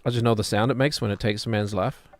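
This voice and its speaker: A man's voice: lowish voice, fairly even intonation, quick pace. Rambling jokey New man streamer. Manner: rambling, jokey, drifts into put-on British voices. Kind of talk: casual gameplay chatter.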